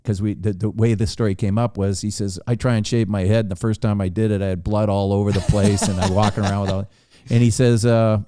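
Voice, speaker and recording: Low, dark-voiced man telling stories. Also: brisk, smooth. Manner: animated storyteller acting out dialogue. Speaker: podcast guest storyteller. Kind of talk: casual anecdote telling.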